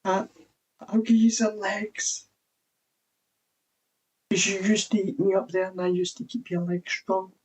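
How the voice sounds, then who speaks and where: A man voicing a chiding talking moss in a high, strained put-on voice. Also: fairly even intonation, unhurried, pauses often. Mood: scolding.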